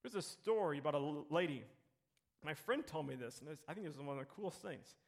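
A man's voice: on the high side, animated, fast talker. A man in his thirties preaching a sermon as pastor, telling a story and moving into emphatic appeals to the congregation.

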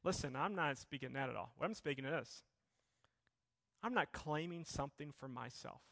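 Bright-voiced preaching man. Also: on the high side, expressive, moderate pace, creaky. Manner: impassioned preaching, voice rising and falling. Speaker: pastor. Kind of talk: sermon.

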